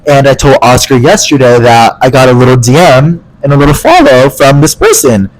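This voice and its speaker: Fast-talking young man telling a story. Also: medium pitch, slight background noise, poor audio. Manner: animated, profane, acts out quoted voices. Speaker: podcast co-host. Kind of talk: casual storytelling chat.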